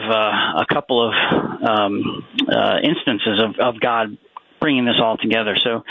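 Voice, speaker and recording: A man's voice: mid-range voice, no room sound. Hesitant man on a phone line. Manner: hesitant, many fillers and restarts. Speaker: guest author. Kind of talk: casual radio interview.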